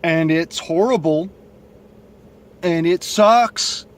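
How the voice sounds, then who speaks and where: Extremely slow and fairly high-voiced, a male vlogger with a Southern accent and a stutter rambles into his cell phone. The casual monologue to camera is blunt and profane.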